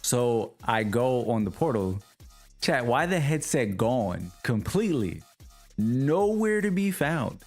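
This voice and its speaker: A man's voice: medium pitch, slow pace, faint music behind. A young man hosting a livestream, telling his chat a long, exasperated story and voicing the people in it. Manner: animated, exasperated retelling with voiced quotes. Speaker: livestream host.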